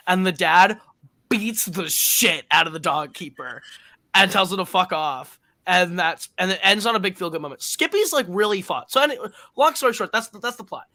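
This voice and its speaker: A man's voice: on the high side, bright, forceful tone, no room sound. A man co-hosting a film podcast, retelling a movie's plot in a rambling way, correcting himself often and using lots of fillers. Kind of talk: casual plot recap and review.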